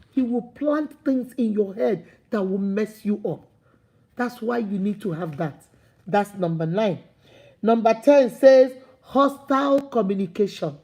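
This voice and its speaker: A woman relationship coach giving an animated, preachy vlog talk, speaking straight to her viewers as sister and brother and acting out quoted dialogue. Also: on the high side. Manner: acts out quoted dialogue in playful voices. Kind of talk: motivational vlog talk to camera.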